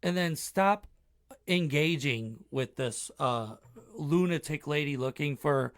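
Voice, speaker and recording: A man's voice: a little high, takes it slowly. A man co-hosting a casual live chat show, blunt and opinionated, with a joking edge. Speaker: podcast co-host.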